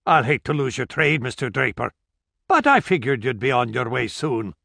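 A man's voice: medium pitch, sing-song, moderate pace, vocal fry, bright, forceful tone, dry recording, heavily acted. A narrator puts on a cheerful innkeeper. He is chatty and polite, and the recording is close and dry. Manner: cheery, folksy and deferential. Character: friendly Scottish male innkeeper.

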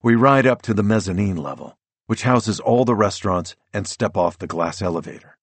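A man with a very deep, slightly husky voice reads a first-person audiobook in a measured, tense manner. The sound is dry and close, with no room around it. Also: expressive, no echo. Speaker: audiobook narrator.

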